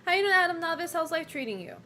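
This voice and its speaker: A woman's voice: very high-pitched, sing-song, very fast, pushed and bright, slight background noise. A woman streamer chatting casually and rambling, swearing freely and greeting viewers. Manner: rambling, swearing, laughs often. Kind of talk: casual chat while streaming.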